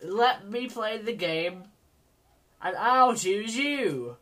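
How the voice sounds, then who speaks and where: Brief: male vlogger talking through a game at a very unhurried pace, self-mocking, uneven volume. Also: sits high, expressive. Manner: rambling, self-mocking, swings from mumbling to loud outbursts. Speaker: gaming vlogger. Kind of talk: let's-play commentary.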